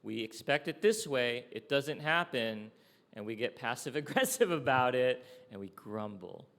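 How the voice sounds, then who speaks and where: A man's voice: medium pitch, animated, measured pace, creaky, fairly bright tone. A man preaching a sermon in a conversational way, often checking in with his listeners with "okay?" and "right?". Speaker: pastor. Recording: long hall reverb.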